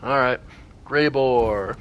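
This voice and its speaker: Slowly and at medium pitch, a man narrates his strategy role-playing game stream, walking through every party member's turn in casual commentary and letting out animated exclamations. The recording is muffled, with slight background noise.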